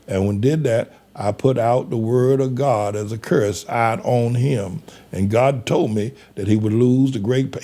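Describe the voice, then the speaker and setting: A man's voice: medium pitch, creaky, warm tone. An older man preaching as a pastor, impassioned and repetitive, pleading with his listeners. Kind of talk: preaching to a congregation.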